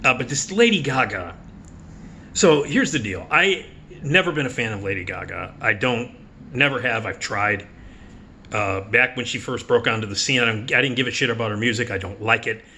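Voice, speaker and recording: A man's voice: mid-range voice, bright, forceful tone, a little hiss or hum. A man giving a casual preview of upcoming movies as a critic, blunt and profane, with sarcastic asides. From United States. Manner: does quick mocking impressions. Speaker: film critic.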